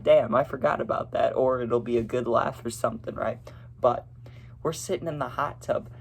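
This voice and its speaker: A man's voice: mid-range voice, slight background noise. A young man telling a casual personal story, rambling and filling his talk with "you know" and "right".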